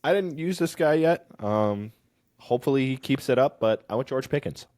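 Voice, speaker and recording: A man's voice: medium pitch, lively intonation, normal speed, a little mellow, no room sound, clean studio sound. A man co-hosting a casual sports podcast, joking with his friends. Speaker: podcast co-host.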